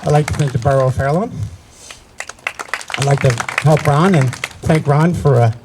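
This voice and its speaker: A man's voice: on the high side, moderate pace, a crowd in the background, noisy background. A man in his sixties from New Jersey, speaking at a memorial ceremony and telling family stories in a conversational way, with frequent restarts. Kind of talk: personal storytelling speech.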